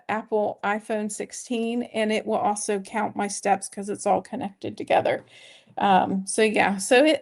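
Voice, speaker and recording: A middle-aged woman chatting casually in a vlog, rambling and correcting herself as she answers viewer questions. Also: fairly high pitch. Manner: chatty and rambling, with many fillers and self-corrections. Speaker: weight-loss vlogger.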